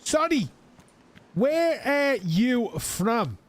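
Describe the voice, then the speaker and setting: A man voicing a confused tourist in a joke, speaking slowly and over-enunciated. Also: very high-pitched, very animated, pitched above the performer's own voice, exaggerated voice. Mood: puzzled.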